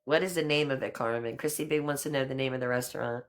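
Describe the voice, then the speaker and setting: A woman's voice: extremely low pitch, fairly even intonation, quick pace. A middle-aged woman hosting a casual live stream chat, talking in a chatty, affectionate way and calling people honey and girl.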